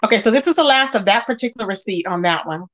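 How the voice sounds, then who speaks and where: A woman hosting a casual gossip commentary, talking straight to her viewers in an animated way with lots of fillers. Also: mid-range voice, fast. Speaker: commentary channel host.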